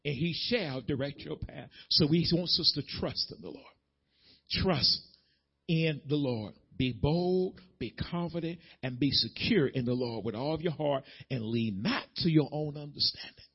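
Husky high-pitched pastor preaching to his congregation, muffled lo-fi sound. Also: measured pace. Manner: folksy, emphatic preaching that addresses the congregation directly. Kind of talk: sermon. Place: church sanctuary.

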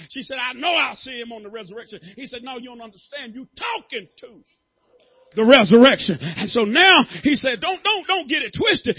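Husky high-voiced preacher, rising to shouts. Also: male voice, dull audio. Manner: builds from quiet talk to shouted preaching; conversational, calls on congregation members. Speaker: pastor. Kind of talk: sermon. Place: church.

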